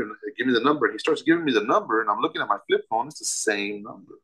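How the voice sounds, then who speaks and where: A man's voice: mid-range voice, lively intonation, racing, few pauses, a bit bright, breathy edge, poor audio. A man telling a personal story as an interview guest, vivid and emphatic, with restarts.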